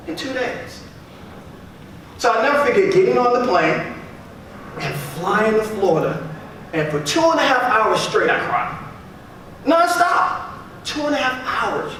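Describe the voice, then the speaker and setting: A man with a high-pitched, slightly bright voice gives a motivational speech to a live audience, speaking emphatically and repeating key phrases for effect. He's in a large, echoey room full of listeners. The recording is very reverberant and distant, with faint background noise.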